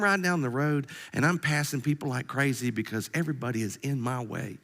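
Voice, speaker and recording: A male pastor preaching a sermon in an animated, humorous way and putting direct questions to the congregation. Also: medium pitch, fairly quick, few pauses.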